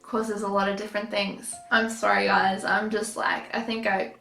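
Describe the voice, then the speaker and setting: A woman's voice: medium pitch, flat delivery, moderate pace, vocal fry, fairly bright tone, reverberant, faint music behind, poor audio. A woman vlogger talking casually to camera, tired and out of breath, chatty and apologetic.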